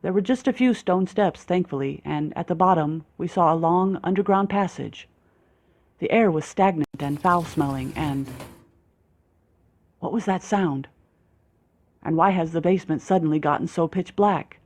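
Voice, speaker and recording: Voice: medium pitch, moderate pace, darkish tone. An audiobook reader narrating in the first person with a dry, sarcastic, self-mocking manner.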